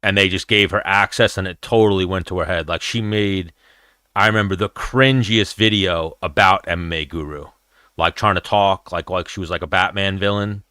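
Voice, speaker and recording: Blunt, bright-toned man hosting a chat. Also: sits low, moderate pace, clear, resonant tone, no room sound, clean studio sound. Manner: blunt, profane, rambling. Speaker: podcast host. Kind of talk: casual livestream chat while watching fights.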